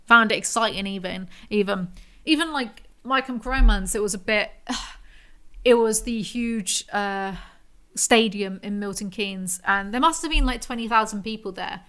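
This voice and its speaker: Woman, podcast host, casual storytelling, rambling, self-mocking, crisp bright tone. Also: mid-range voice, normal speed.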